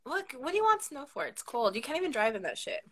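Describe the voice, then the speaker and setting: Bright, lively woman with a lisp. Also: high-pitched, fast talker. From Southern California. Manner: animated, swearing, laughing. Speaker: podcast host. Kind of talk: casual chat.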